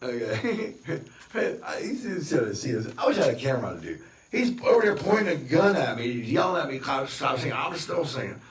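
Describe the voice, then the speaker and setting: A man holds forth in a loose, rambling monologue, boasting and ranting as he circles back over the same points. His voice sits at an ordinary middle pitch. He sounds set back from the mic, with the room ringing around him. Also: very animated, fairly quick. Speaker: vlogger. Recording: roomy, distant from the mic.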